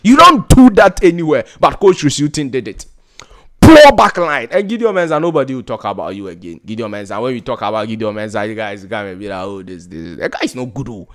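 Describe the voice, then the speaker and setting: A man's voice: medium pitch, very animated, fast, fairly bright tone. A man with a Ghanaian accent giving an exasperated, repetitive football rant, laughing in disbelief at times. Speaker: football pundit. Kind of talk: ranting football commentary.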